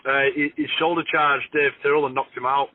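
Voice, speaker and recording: A man tells sporting stories down a tinny phone line. He speaks in a slightly raised pitch, rambling with ums and restarts. His tone stays easygoing. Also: little pitch movement, fairly quick. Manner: chatty storyteller with frequent fillers. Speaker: rugby league player guest. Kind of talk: phone-in radio interview, telling anecdotes.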